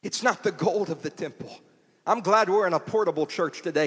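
A man preaching a sermon in a portable church, using rhythmic repetition that builds to shouts. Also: high voice, a little fast, slightly rough, in a large hall.

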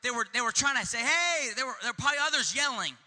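A man preaching a sermon with passion, repeating himself and acting out shouted pleas. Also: very high voice, lively intonation, racing, long reverb tail. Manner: impassioned, repetitive, acts out shouted pleas.

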